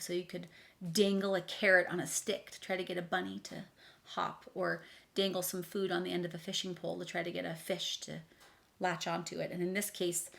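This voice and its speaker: A woman's voice: lowish voice, vocal fry, a bit bright. A woman reading a picture book aloud to children, explaining words and talking to them directly in a friendly way. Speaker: read-aloud teacher.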